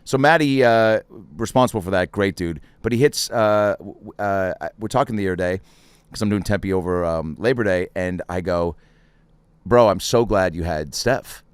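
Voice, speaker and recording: A man hosting a podcast in casual chat, telling stories with lots of swearing and quick impressions of other people. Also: deep voice, smooth, no echo. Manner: animated storyteller, swears freely, does voices for others. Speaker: podcast host.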